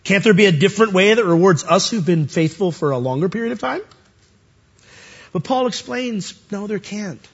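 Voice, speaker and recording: A man preaching a sermon, animated and rising to high emphatic peaks as he quotes scripture. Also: moderate pace, slightly rough, dull audio.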